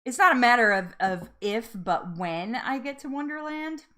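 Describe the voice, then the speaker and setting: A woman's voice: on the high side, animated, moderate pace, sharp tone. A woman hosting a live-stream chat, bubbly and effusive, laughing often and getting emotional. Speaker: livestream host.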